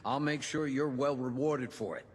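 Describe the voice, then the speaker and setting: A man's voice: moderate pace, slightly rough, in a large hall, natural voice. An actor playing a weary male resistance leader in a video game, speaking in an earnest, plain way. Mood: grateful. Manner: earnest, plain-spoken, lively pitch. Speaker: game character.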